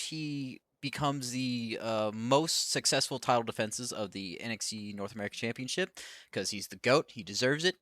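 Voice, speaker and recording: A man's voice: medium pitch, a bit bright, dry recording, studio quality. A man hosting a casual podcast, chatting loosely and swearing freely, often acting out what others said. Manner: rambling, loose, swears freely, acts out quotes. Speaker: podcast host. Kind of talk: casual chat recapping wrestling.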